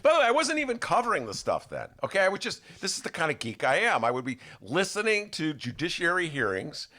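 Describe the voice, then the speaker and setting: A man's voice: on the high side, fast. A man hosting a casual studio podcast, joking and slipping into impressions as he talks. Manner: animated, jokey, slips into impressions. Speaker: podcast host. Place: radio studio.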